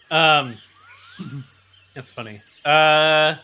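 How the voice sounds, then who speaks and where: A man's voice: a little high, very slow, bright, forceful tone. A man playing a tabletop game, speaking playfully with frequent fillers and hesitations. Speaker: player. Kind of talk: tabletop role-play.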